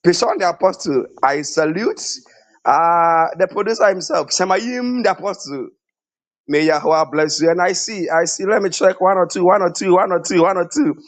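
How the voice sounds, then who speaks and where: A man's voice: sits high, normal speed, no echo. A man on a live online show, greeting viewers one by one by name and laughing often, talking over a phone line with a weak network. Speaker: show correspondent.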